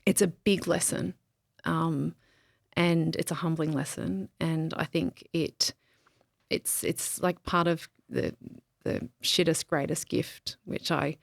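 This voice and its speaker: A grieving woman speaking candidly as a podcast guest in a reflective interview, searching for words with pauses and restarts. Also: low-pitched, creaky, no room sound, clean studio sound.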